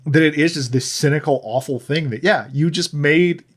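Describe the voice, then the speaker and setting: A man's voice: a little high, normal speed. A man co-hosting a podcast, talking in a rambling, sardonic way with lots of fillers and restarts. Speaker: podcast co-host. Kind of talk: casual chat.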